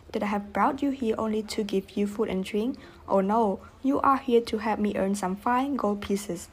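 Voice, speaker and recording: A woman's voice: mid-range voice, husky, natural voice. A woman voicing a harsh, angry farmer who scolds his donkey sarcastically in a storybook reading.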